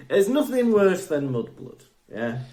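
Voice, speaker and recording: Podcast co-host, man, higher voice, lively and giggly, roomy echo. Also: slow pace. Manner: giggly, jokey, animated. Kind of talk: casual chat.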